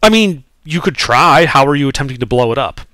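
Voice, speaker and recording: A man's voice: mid-range voice, animated, fairly quick, pushed and bright, dry recording. A man running a tabletop game as game master, describing scenes casually with fillers. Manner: casual, explains with many fillers.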